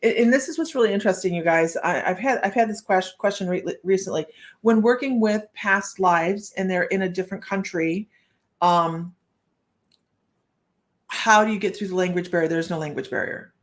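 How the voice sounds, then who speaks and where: A woman's voice: medium pitch, moderate pace. A woman giving a live-streamed psychic reading, chatting to her viewers and thinking aloud in loose, rambling sentences. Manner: chatty, talks straight to viewers and greets them by name. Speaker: psychic reader.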